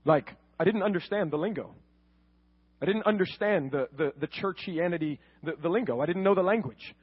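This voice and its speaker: A man's voice: high-pitched, a little fast, slightly rough, muffled recording. A man telling his faith testimony as a sermon, earnest and storytelling, often repeating words.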